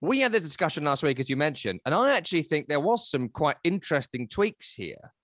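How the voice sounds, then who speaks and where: A man, hosting a casual football analysis chat, chatty and animated. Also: on the high side, fairly quick, dry recording, studio quality. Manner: animated, chatty, breaks into silly voices. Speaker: football podcast host.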